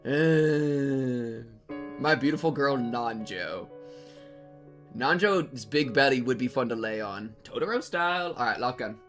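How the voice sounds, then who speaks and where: Excitable young male streamer, bright voice. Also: medium pitch, unhurried, soft background music. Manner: excitable, rambling, jokey, talks to chat; reads game text aloud. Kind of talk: casual game-reaction commentary.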